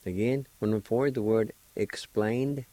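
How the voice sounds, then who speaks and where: A man hosting a radio language lesson, slowly spelling and pronouncing words syllable by syllable. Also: lowish voice, warm tone, no room sound, poor audio. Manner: slow, deliberate, spells syllables one at a time. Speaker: language teacher and radio host. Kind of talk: slow spelling and pronunciation lesson.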